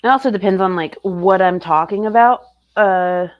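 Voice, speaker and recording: Woman, Southern US accent, stream host, relaxed playful chat, dull lo-fi sound. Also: mid-range voice, moderate pace. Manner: relaxed, chatty, playful asides. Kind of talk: casual stream commentary.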